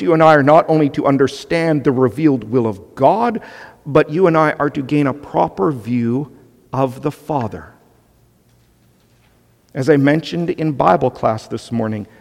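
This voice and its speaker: A man's voice: medium pitch, gravelly, darkish tone. Emphatic male preacher in a reverberant hall. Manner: emphatic, conversational preaching with asides. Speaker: pastor. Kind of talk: sermon.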